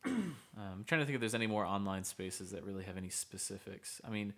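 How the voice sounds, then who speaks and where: A man with a low voice co-hosts a casual podcast. He speaks as a therapist, earnest and measured, and lays out advice step by step. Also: animated.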